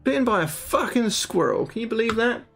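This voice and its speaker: A man's voice: very high-pitched, very animated, brisk, creaky, fairly bright tone, soft background music. A man reading a fantasy gamebook aloud on a livestream, breaking off for casual, swear-filled chat with his viewers. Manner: chatty, swears freely, talks to his viewers. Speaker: livestreamer playing a solo gamebook.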